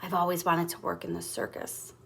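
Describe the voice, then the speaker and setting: A woman voicing a gentle, earnest young male elephant in a storybook read-aloud. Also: fairly low pitch, monotone, fairly quick, gravelly, a little hiss or hum, voice pushed down. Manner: polite, earnest, a bit wistful.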